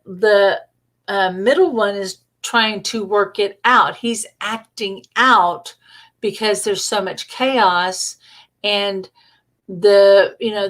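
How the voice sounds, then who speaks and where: Chatty woman telling a story. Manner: chatty, acts out quoted dialogue with lively jumps in pitch; frequent fillers and self-corrections. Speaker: intuitive reader and energy healer. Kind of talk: casual livestream storytelling.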